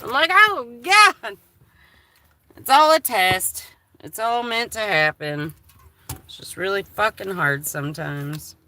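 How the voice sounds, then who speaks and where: A woman's voice: on the low side, expressive, unhurried, sharp tone. A woman chatting candidly on a livestream, emotional and swearing freely. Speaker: live streamer. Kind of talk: casual livestream chat.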